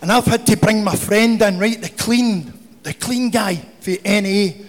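A man shares his recovery story, blunt, swearing and funny. His voice sits high for a man. The long reverb of a meeting hall trails every line. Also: measured pace. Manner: swearing, humorous, confessional. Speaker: recovery speaker.

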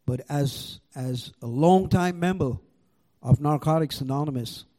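A man's voice: a little high, a little slow, dark tone. An older man with an Indian accent, sharing his recovery story to a live audience in a raw, profane, storytelling way. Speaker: recovery meeting speaker. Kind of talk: personal share to a live audience.

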